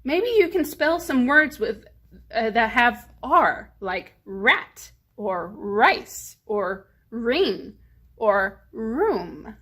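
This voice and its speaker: A woman's voice: fairly high pitch, very animated, extremely slow, a bit bright, slightly rough. A woman leading a children's storytime, reading aloud and stressing letter sounds to teach phonics. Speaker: children's librarian.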